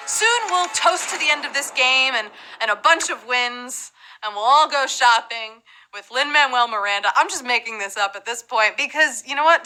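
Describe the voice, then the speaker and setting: Bubbly high-voiced woman game show host. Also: sharp tone, low-quality recording. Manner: bubbly, jokey and playful. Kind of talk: live game show hosting.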